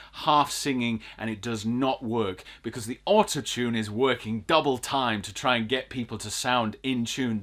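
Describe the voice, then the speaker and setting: A man's voice: medium pitch, fairly bright tone. A man co-hosting a film podcast, ranting in an exasperated, emphatic way and repeating his points.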